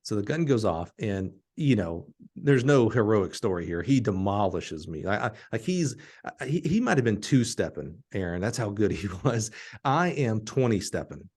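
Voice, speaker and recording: A middle-aged man from Alabama, hosting a podcast and telling a story in an animated, laughing way. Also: on the low side, normal speed. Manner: animated, laughing storyteller who acts out quotes. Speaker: podcast host.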